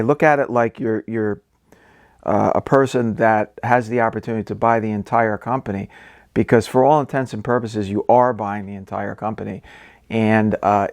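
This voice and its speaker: A man's voice: lowish voice, no room sound, studio quality. A man hosting an investing channel, explaining stock basics in casual talk full of ums, okays and restarts. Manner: conversational, many ums and okays.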